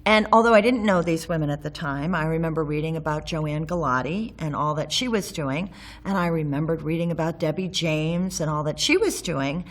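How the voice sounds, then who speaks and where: Low-voiced woman telling a personal story. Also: a little fast. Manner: candid, wry, with some sarcasm; frequent ums and self-restarts while recalling. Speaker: interviewee recalling local history.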